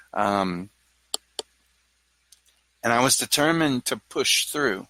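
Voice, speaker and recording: Stammering man, forceful voice. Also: medium pitch, animated, slow pace, long pauses, low-quality recording. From Louisiana. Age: 40s. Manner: rambling, stammering restarts, jokey. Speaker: speaker on mental health. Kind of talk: casual talk to an audience.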